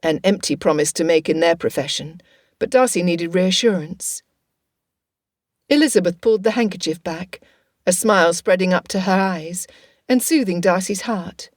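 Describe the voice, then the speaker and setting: A woman narrating an audiobook in a steady, even reading. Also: fairly low pitch, moderate pace, dry recording, studio quality.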